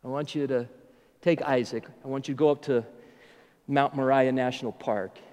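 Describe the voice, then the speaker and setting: A preacher doing a solemn, commanding God, voice dropped low and hushed, delivering a weighty order. The sound rings out with a long reverb. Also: male voice, fairly even intonation, normal speed, close to an everyday voice. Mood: grave.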